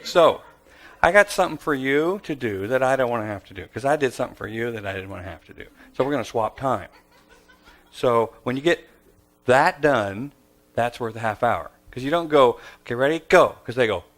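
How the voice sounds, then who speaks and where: A middle-aged man talks through a parenting story in an easy, conversational way, at an everyday middle pitch. He acts out the dialogue himself and shifts up high when he plays the child. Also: animated, fairly quick, a bit bright. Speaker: speaker giving parenting advice. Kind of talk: storytelling talk.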